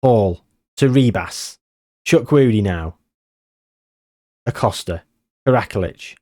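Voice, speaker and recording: A man giving excitable, nervous live commentary on a game he is playing. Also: mid-range voice. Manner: excitable, nervous, reacting loudly to match moments. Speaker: gaming channel host.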